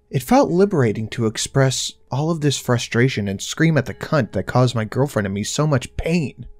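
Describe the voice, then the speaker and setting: A man's voice: medium pitch, expressive, normal speed, hardly any pauses, darkish tone. A man narrating a first-person horror story in a tense, intense way, swearing now and then.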